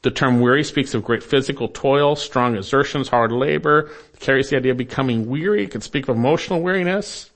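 Man, pastor, sermon, earnest, deliberate, middle pitch, softens at phrase ends.

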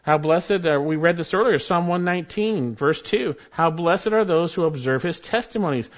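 A man's voice: on the high side, normal speed, few pauses, muffled recording. A man preaching a sermon, reading scripture aloud and stressing key phrases by repeating them. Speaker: pastor.

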